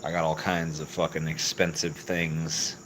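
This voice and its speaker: A low-pitched man with a bright, forceful edge to his voice, answering a livestream chat in a crude, deadpan, mocking way. Faint crickets and insects chirp in the background. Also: unhurried, a little hiss or hum, low-quality recording. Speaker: livestream host reading chat.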